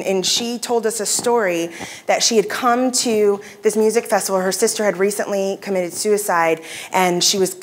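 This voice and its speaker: A woman's voice: mid-range voice, a little hiss or hum. Woman giving a keynote talk. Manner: conversational, frequent fillers and restarts. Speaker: keynote speaker. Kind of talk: conference keynote presentation. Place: convention hall stage.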